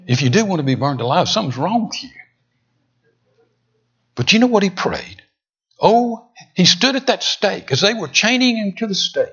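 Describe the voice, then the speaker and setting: A male preacher delivering a dramatic sermon, swinging from loud emphatic peaks down to hushed near-whispers. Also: sits high, very animated, normal speed, long pauses, breathy edge. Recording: dull lo-fi sound.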